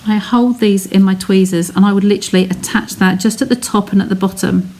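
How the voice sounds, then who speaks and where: A woman's voice: mid-range voice, steady tone, brisk, a little mellow, slight background noise. An English woman giving a live card-making demonstration, chatting casually and narrating each step while answering viewers' comments. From England. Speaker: craft demonstrator.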